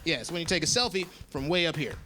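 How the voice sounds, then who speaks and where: A man doing a brisk, punchline-driven stand-up routine. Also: on the high side, bright, forceful tone. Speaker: stand-up comedian. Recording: music clearly under the voice.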